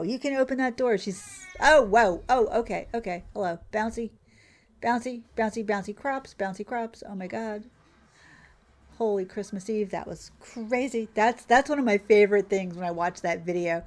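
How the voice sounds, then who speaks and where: Woman, gaming vlogger, chatty, exclamatory, casual play-by-play, mid-pitched voice. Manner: chatty and exclamatory, quick laughs. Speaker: gaming channel host. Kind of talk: casual gameplay commentary.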